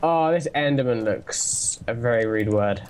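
A man's voice: mid-range voice, animated, a little slow, a little mellow, slight background noise. A young man chatting casually while gaming, with a dry, sarcastic way of joking, on a headset mic. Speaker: co-player.

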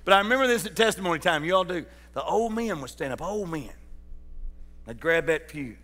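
Preacher guy, kinda high voice, folksy, talks right to the crowd, big church echo. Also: lively intonation, brisk, bright, forceful tone. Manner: folksy, calls out to the congregation. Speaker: pastor. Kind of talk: sermon. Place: large church sanctuary. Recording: church hall reverb.

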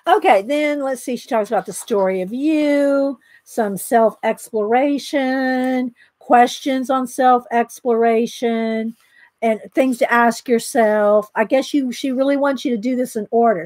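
A woman with a slightly high voice chats her way through a book for her channel. She thinks aloud and teases lightly. The sound is close and dry, with no room around it. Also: unhurried, a little mellow, dry recording. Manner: chatty, thinking aloud, teasing. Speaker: vlogger. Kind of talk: casual chat showing a book.

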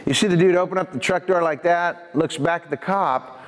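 A man giving a lively prevention talk to a youth audience, telling stories and speaking to the crowd directly. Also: fairly high pitch, brisk. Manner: energetic, addresses audience directly. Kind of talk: lively presentation with storytelling. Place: church hall. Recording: echoey hall.

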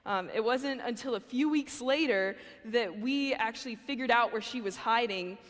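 A woman's voice: a little high, normal speed. A young woman giving a casual chapel sermon, chatty and full of fillers. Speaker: chapel speaker. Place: university chapel. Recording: long hall reverb.

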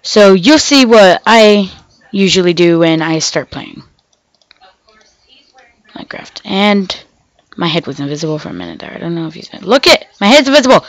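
A woman's voice: on the low side, lively intonation, normal speed, pauses often, no echo, poor audio. A woman hosting a gaming channel, giving rambling casual commentary while she plays and talking to herself, sounding off because she is sick. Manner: rambling, chatty, talks to herself and the game animals.

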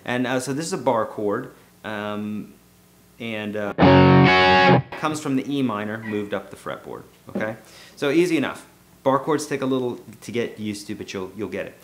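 A man's voice: fairly low pitch, lively intonation, normal speed. Laid-back man teaching guitar. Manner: loose, joking, self-deprecating. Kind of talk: casual guitar lesson. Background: guitar playing.

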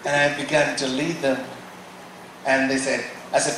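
Animated African-born preacher in an echoey hall. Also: male voice, medium pitch, moderate pace. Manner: animated storytelling, acting out dialogue. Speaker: guest preacher. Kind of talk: testimony sermon. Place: large church auditorium. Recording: echoey hall, mic from far off, faint noise.

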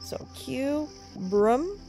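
A young woman giving casual let's-play commentary, excitable, squealing in delight and swearing when startled. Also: high voice, extremely slow, gravelly, faint music behind. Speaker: gamer streamer.

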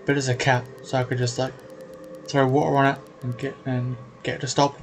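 A man's voice: medium pitch, flat delivery, brisk, faint music behind, lightly acted. A man voicing a young female game heroine, blunt and sarcastic, speaking in his everyday voice. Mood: wary.

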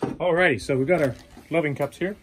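A man's voice: on the high side, brisk, a little hiss or hum. A man, a cattle vet, chatting and joking as he explains his work in a cattle yard. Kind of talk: casual explainer vlog while working. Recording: loud music playing behind.

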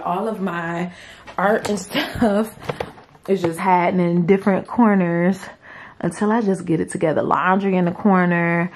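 A woman's voice: on the low side, roomy sound, a little hiss or hum. A young woman casually chatting to her viewers at home, calling them y'all and girlies. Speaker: vlogger and small business owner. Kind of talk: casual chat to camera. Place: home office room.

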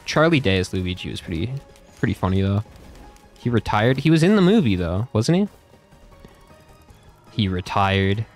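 A man's voice: lowish voice, sing-song, fast talker, darkish tone, soft background music. A young man doing casual gameplay commentary, chatting to viewers with frequent swearing and laughter. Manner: profane, laughing, loose chatter. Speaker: YouTuber playing a game and talking to chat.

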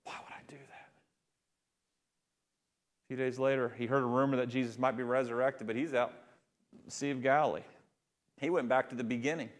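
A male pastor delivering a sermon, telling a story with animated delivery and building to fervent emphasis. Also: medium pitch, fast talker.

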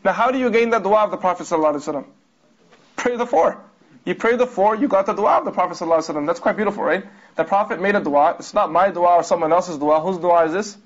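A man with a high, quick voice gives a religious lecture and comments on each passage read out to him. He keeps asking rhetorical questions and explains points patiently. The recording sounds dull and lo-fi. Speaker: religious teacher.

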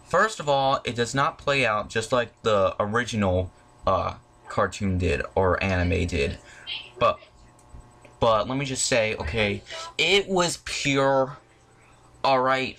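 Irritated young man ranting, bright voice. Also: medium pitch. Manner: irritated, profane, exclamatory. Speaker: video channel host. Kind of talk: angry movie rant. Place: at home, in front of a disc collection.

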